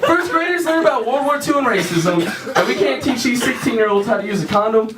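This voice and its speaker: A young man performing a crude stand-up comedy set on a theater stage, telling loose stories and switching into quick voices for his friends. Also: very high-pitched, lively intonation, far from the mic, over a noisy crowd. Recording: echoey room, mic heard from afar. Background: audience laughter.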